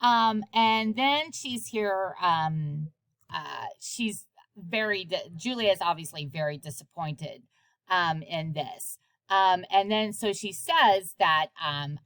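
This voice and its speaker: A woman's voice: on the low side, slow pace, a bit bright, smooth, dry recording. A woman retelling a play in a casual, conversational way, with many fillers and quotes she acts out. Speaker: presenter of a library program.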